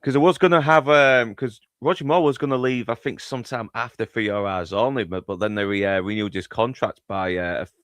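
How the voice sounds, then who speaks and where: A man's voice: lowish voice, brisk, few pauses, fairly bright tone, smooth, no echo. Rambling Northern English man, swearing freely. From England. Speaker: guest. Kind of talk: casual panel chat.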